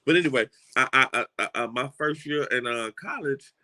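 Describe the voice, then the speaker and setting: A middle-aged man with a Southern US accent gives a motivational talk in an animated, folksy storytelling style, often restarting and repeating words. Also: mid-range voice, fairly quick. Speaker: motivational speaker.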